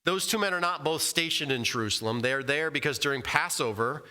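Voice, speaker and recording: A man's voice: a little high, fairly quick, pushed and bright. A man teaching a casual Bible study in a church room, explaining scripture conversationally and quizzing the group.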